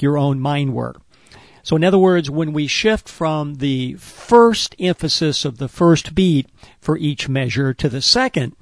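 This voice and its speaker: A man with a slightly higher voice walks listeners through a drumming exercise, patient and methodical. The sound is dry and close. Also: gravelly, dry recording. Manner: patient, step-by-step explaining with fillers. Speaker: wellness instructor. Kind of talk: explaining an exercise.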